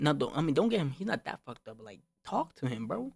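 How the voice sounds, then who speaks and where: A young male streamer tells a rambling storytime, full of slang, swearing and constant "bro"s. He circles back and restarts his thoughts, then climbs into heated outbursts. His voice sits at an ordinary pitch and sounds close and dry, with no room around it. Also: lively intonation, fast, vocal fry, hardly any pauses, no room sound. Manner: slangy, repeats himself, swears, calls the listener bro. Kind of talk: casual storytime rant.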